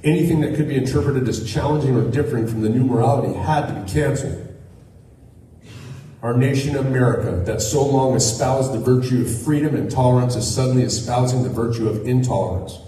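Man, preacher, earnest sermon, dark tone, faint room hum. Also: medium pitch, fairly quick. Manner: earnest preaching with a spoken anecdote. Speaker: guest preacher. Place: church sanctuary. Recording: echoey hall, miked from a distance.

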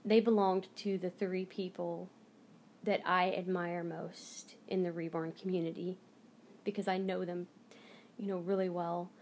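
A woman's voice: fairly low pitch, level tone, unhurried, darkish tone, slight background noise. An American woman hosting her own channel, telling a heartfelt story casually to camera with many restarts. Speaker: channel host, reborn doll collector.

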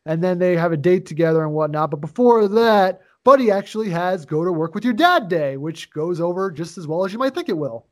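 A man's voice: high voice, animated, brisk, few pauses. A man co-hosting a podcast, casually retelling a movie plot with constant swearing and rambling asides. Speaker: podcast co-host. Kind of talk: casual movie review chat.

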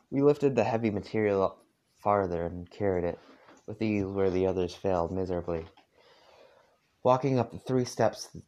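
Tired man reading aloud, deep voice. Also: a little mellow, dull audio. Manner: halting, with frequent asides and filler. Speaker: fanfiction reader. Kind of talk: casual reading aloud of a story. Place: dark room at home.

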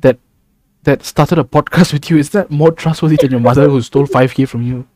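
Homem provocador, voz seca e próxima. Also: male voice, a little high, fairly even intonation, a little fast, warm tone, no room sound, clean studio sound. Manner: teasing, swears freely, pushy. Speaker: podcast co-host. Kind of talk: casual chat.

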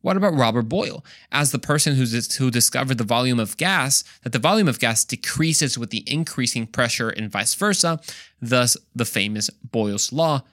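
A man's voice: medium pitch, expressive, moderate pace, fairly bright tone, no room sound, studio quality. A young man hosting a Christian podcast, talking casually with jokey, slangy asides. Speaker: podcast host.

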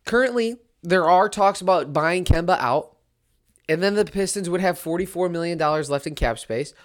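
A woman's fairly low voice moves at a moderate pace as she hosts a solo sports podcast. Her rant is excitable and emphatic, returning repeatedly to its central phrases.

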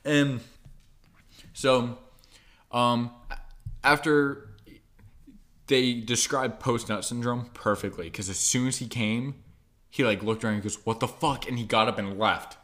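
A young man retelling a film in loose podcast chat, his talk packed with filler words and swearing. His voice sits at an everyday middle pitch. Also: steady tone, unhurried, long pauses, a bit bright. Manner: rambling, profane, lots of likes and ums. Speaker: podcast co-host.

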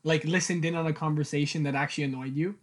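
A man's voice: a little high, fairly even intonation, quick pace. A young man in casual chat, telling stories with lots of laughter and acted-out quotes. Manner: laughing storyteller, acts out quotes.

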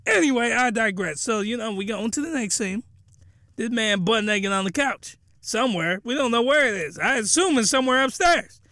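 High bright-voiced man doing comedic anime recap. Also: lively intonation, fairly quick, no echo, clean studio sound. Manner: rambling, incredulous, joking. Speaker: anime reviewer.

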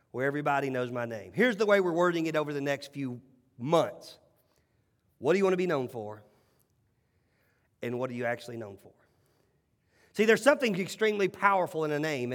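High-voiced preacher man in a reverberant hall. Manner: animated, emphatic storytelling with repeated phrases. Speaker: pastor. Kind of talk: sermon.

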